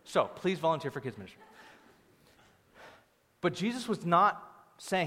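Young guy pastor giving a sermon, kinda high voice, chatty and animated, big reverby church sound. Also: normal speed, long pauses. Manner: conversational, animated, with playful asides. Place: church sanctuary. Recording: long hall reverb.

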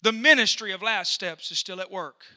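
A male pastor preaching a sermon in a church, punctuating phrases with 'uh' and building up to shouting. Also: high voice, moderate pace. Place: church sanctuary during a service.

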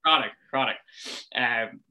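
A man's voice: mid-range voice, a little slow, dull audio. A young adult Irish man, a business founder, chatting as a guest in a casual rambling way with many fillers. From Ireland. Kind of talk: casual chat, storytelling.

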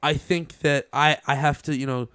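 A man's voice: fairly high pitch, fairly even intonation, normal speed, fairly bright tone, smooth, no echo, studio quality. A man in casual chat, swearing often and restarting his sentences. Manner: profane, stammering restarts.

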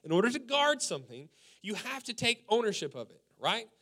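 A man in his forties delivers a sermon as a pastor, high in pitch and ringing with a bright edge. He preaches in an animated way, acting out quotes in little voices and chuckling at his own points. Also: brisk. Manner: animated preaching, quoting people in acted voices, laughing.

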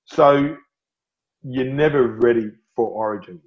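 Lively Australian man telling stories. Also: medium pitch, unhurried, highs cut off. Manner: animated storyteller, laughs often, says "mate". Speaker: guest. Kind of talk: storytelling interview.

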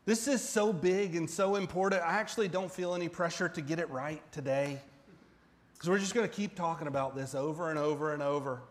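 A man's voice: a little high, a little fast. A man preaching a sermon as pastor, conversational, asking the congregation direct questions and building to emphatic peaks. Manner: emphatic, rising to near-shouting at peaks.

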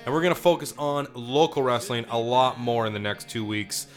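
A man's voice: medium pitch, moderate pace. Male co-host, joking wrestling radio banter, music bed behind. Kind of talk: casual radio chat.

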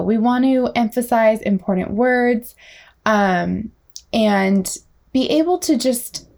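An energetic young woman talks through speech-therapy tips in a lively teaching voice. Now and then she slows down and exaggerates words the way she would with a small child. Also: fairly high pitch, gravelly. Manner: energetic, animated, demonstrates child-directed speech. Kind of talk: teaching talk.

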